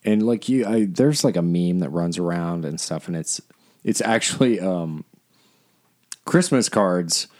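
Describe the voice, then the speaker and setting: A man's voice: low voice, animated, unhurried, a little mellow. A man talking casually as a podcast co-host, rambling with lots of fillers, restarts and swearing. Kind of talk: casual chat.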